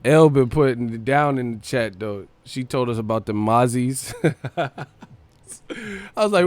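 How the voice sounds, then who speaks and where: A young man with a Sacramento, Northern California accent hosts a live boxing stream, keeping things loose and jokey in slang while reading chat aloud and laughing often. His expressive mid-range voice has a darkish tone and measured pace, with no room sound.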